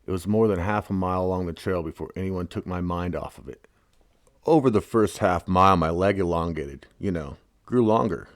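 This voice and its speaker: Man, very low voice, dry close sound, wry casual memoir reading. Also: brisk, no echo. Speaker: narrator.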